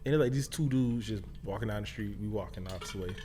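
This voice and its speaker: A man's voice: on the low side, a little hiss or hum. A man casually telling a personal story on a podcast, quoting people as he goes. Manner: quick, relaxed, quotes people as he goes.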